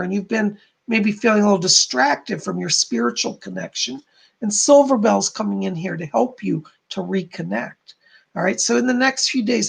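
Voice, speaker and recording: Male psychic medium host; gravelly, husky tone, gentle delivery on a live stream. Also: high voice. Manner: soft, relaying spirit messages, warm thanks to donors.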